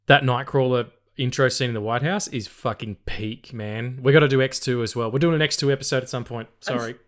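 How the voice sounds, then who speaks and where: A man's voice: mid-range voice, fairly even intonation, brisk, a bit bright. A man co-hosting a casual film podcast, rambling with lots of fillers, restarts and swearing. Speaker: podcast co-host.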